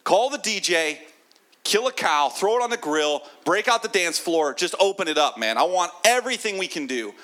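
A man preaching in a church voices a loving, generous father, lifting his voice higher to play him. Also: big pitch swings, normal speed, long pauses, full character voice. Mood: exuberant. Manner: exuberant, then gentle and tender.

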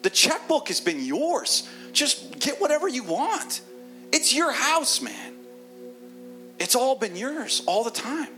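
A man's voice: sits high, pitched above the performer's own voice. A man playing a generous, loving father. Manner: exuberant, then gentle and tender.

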